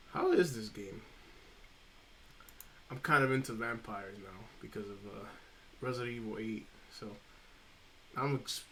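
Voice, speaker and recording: A man rambling through a casual live stream into a desk microphone, often stopping to correct himself. His voice sits at an ordinary middle pitch, and a faint hiss lies underneath. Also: a bit bright. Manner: chatty, rambling, self-correcting. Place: home streaming setup.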